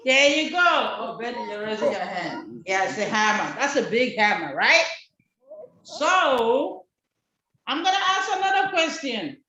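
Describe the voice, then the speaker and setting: High-voiced woman telling a kids' story. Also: unhurried, roomy sound. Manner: animated, expressive, asks kids questions. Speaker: children's storyteller at church. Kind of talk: children's story on a video call. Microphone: video call.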